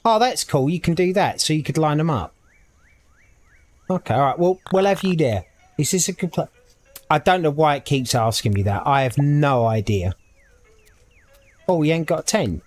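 A man's voice: on the high side, lively intonation, moderate pace, pauses often. A man casually commenting on a game as he plays, thinking aloud and reading the on-screen text. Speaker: gaming video creator. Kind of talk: casual let's-play commentary.

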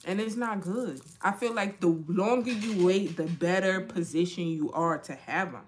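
A woman's voice: lowish voice, moderate pace, slight background noise. A young woman chatting casually to viewers at home as a makeup vlogger and mom, frank and slangy, laughing often. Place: home with children nearby.

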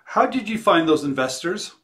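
A man's voice: sits high, sing-song, moderate pace, fairly bright tone. A man interviewing a guest, asking brief, admiring questions.

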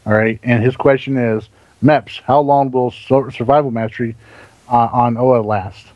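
A Southern American man hosts a casual gaming podcast over a call and reads questions from the chat. He stammers and restarts his sentences and laughs quickly. His voice sits at a middling pitch. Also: fairly even intonation, lo-fi sound.

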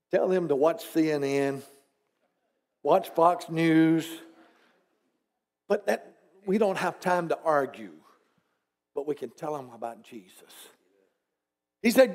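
A man's voice: high voice, a little mellow. A man pastor preaching a conversational sermon in church, asking the congregation rhetorical questions and dropping teasing asides.

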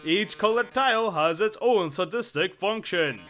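A man's voice: high-pitched, sharp tone. Man putting on a theatrical robot show host. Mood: taunting. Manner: melodramatic, drawn-out sarcastic delivery.

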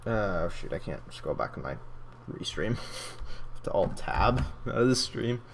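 A man's voice: on the low side, very animated, moderate pace, creaky, slight background noise. A young man casually chatting and joking while playing a video game on a livestream. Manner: joking, laughs often. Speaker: let's play co-host.

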